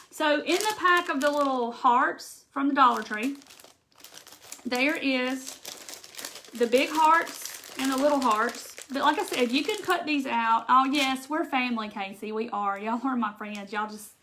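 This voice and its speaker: A woman's voice: sits high, bright, forceful tone, a little hiss or hum. A woman, chatting casually and a bit rambling as she hosts a live craft stream. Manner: chatty, emotional, rambling with many restarts. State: tearful at times. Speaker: craft livestream host. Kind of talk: casual livestream chat while crafting.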